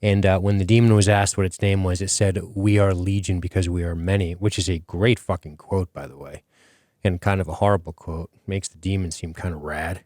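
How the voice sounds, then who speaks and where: A man's voice: sits low, steady tone, brisk, a little mellow, no echo, clean studio sound. A man hosting a podcast in casual chat, rambling with many fillers and casual swearing. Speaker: podcast host.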